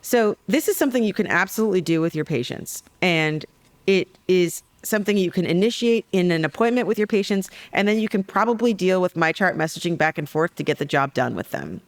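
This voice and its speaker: A woman psychologist talking as a guest on a podcast interview, telling stories in a lively, joking way. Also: lowish voice, brisk. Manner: lively, jokey storytelling.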